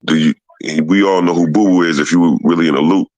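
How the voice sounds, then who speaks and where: A man's voice: low-pitched, steady tone, darkish tone, no room sound, rough recording. A man interviewing, asking a careful two-part question. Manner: measured, asks multi-part questions.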